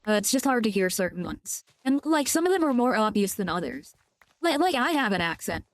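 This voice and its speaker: A woman's voice: mid-range voice, very animated, fairly quick, no echo. A young woman with a Californian accent, chatting casually on a gaming stream, rambling with many restarts and casual swearing. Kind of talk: casual live-stream chat while gaming.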